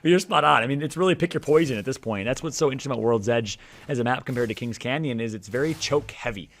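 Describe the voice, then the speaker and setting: Fast-talking Midwestern American caster. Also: male voice, medium pitch. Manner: fast, chatty, joking. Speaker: esports analyst and co-caster. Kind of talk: color commentary.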